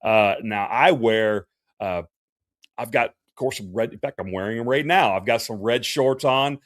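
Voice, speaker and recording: A man's voice: medium pitch, normal speed, no echo, studio quality. A man, a professional Santa performer hosting a casual livestream Q&A, talking in a folksy, chatty way with many fillers and restarts.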